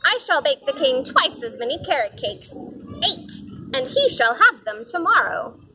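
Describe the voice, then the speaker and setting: A woman's voice: sits high, big pitch swings, unhurried, sharp tone, a little hiss or hum, pitched above the performer's own voice, exaggerated voice, rough recording. A woman voicing a grand, showy macaw in a storybook, proud and announcing.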